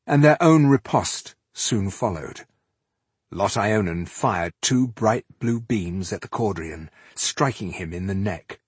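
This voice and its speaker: A male audiobook narrator with a low, husky voice reads a scripted fantasy story in a steady, measured way. The recording is dry.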